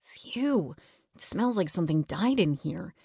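A woman's voice: lowish voice, expressive, measured pace, vocal fry, dark tone, breathy edge, dry recording, clean studio sound, full character voice. A woman voicing a nervous, wisecracking young boy who whispers and stammers in a children's storybook.

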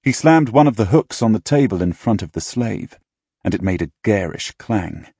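A man reading an audiobook in measured, dramatic storytelling style, close to a studio mic. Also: lowish voice, animated, mellow, breathy edge, no room sound. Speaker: audiobook narrator. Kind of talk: scripted audiobook narration.

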